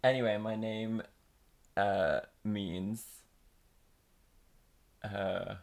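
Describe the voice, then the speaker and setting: A woman's voice: very deep voice, steady tone, creaky, darkish tone. A Norwegian-speaking woman co-hosting a casual podcast chat, laughing often and restarting her sentences. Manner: giggly, halting restarts. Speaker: podcast co-host.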